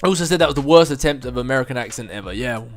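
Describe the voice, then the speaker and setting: A man in his twenties hosts a gaming video, fielding viewer questions in a casual chat. His mid-range voice is expressive and racing as he rambles, mocks himself and chuckles often over soft background music.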